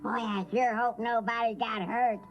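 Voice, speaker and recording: A man's voice: extremely high pitch, steady tone, normal speed, muffled recording, faint music behind. A man voicing a cheeky, wisecracking baby boy in a cartoon with a cutesy delivery.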